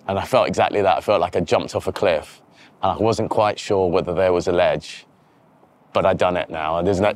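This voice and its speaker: Low-voiced man, reflective and halting. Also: darkish tone. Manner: reflective, halting, with frequent restarts. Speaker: interview guest, TV presenter. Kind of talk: candid conversational interview. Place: outdoors by a river.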